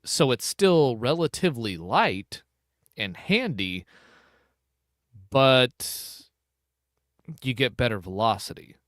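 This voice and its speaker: A man's voice: mid-range voice, very animated, slow, pauses often, a bit bright, dry recording. Rambling man with a dry, close sound. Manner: rambling, self-interrupting. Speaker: podcast host. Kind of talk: casual chat.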